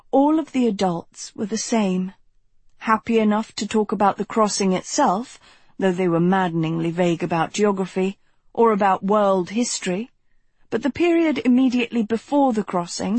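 A woman narrating a novel in an even, measured reading, recorded close to the mic. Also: medium pitch, slightly rough, dry recording. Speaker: audiobook narrator. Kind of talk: scripted narration.

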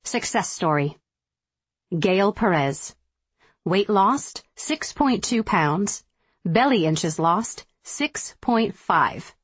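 A woman's voice: medium pitch, expressive, extremely slow, slightly rough, no echo. A woman reading her own diet book aloud as a firm, emphatic, motivational audiobook narration.

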